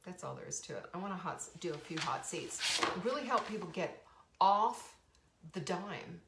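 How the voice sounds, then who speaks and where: A middle-aged woman with a lowish, gravelly voice hosts a live show at a normal speed, animated, bubbly and enthusiastic in casual chatter full of restarts. Background noise and roomy echo come through.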